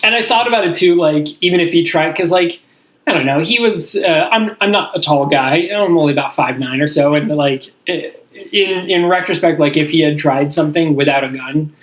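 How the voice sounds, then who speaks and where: Brief: young male podcast host, high-pitched, rambling and profane storyteller. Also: brisk, a bit bright, low-quality recording. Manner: profane, rambling, heavy use of "like". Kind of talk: casual storytelling chat.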